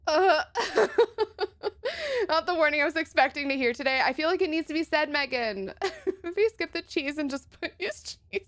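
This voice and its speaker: Giggly young woman streamer, high voice, laughing and chatting with chat while playing. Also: expressive, moderate pace, a bit bright. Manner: giggly, exclaiming, chats with viewers. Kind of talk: live-streamed game playthrough.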